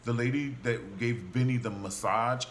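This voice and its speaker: A man casually recapping a TV drama, gossipy and animated, acting out the characters' lines as he goes. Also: medium pitch, moderate pace, slight background noise. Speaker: TV show reviewer.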